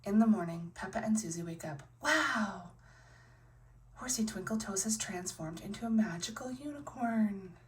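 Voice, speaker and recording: A woman reading a children's picture book aloud and narrating toy play, in a soft, hushed voice with playful voices for the characters. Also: mid-range voice, a little fast, hardly any pauses, recorded from a distance, a little hiss or hum. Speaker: storyteller playing with toys.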